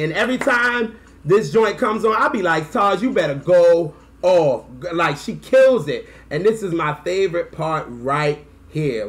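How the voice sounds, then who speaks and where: Male fan vlogger, casual and slangy, excitable delivery, voice sitting a bit high. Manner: excitable and slangy, with bursts of whoops and laughter.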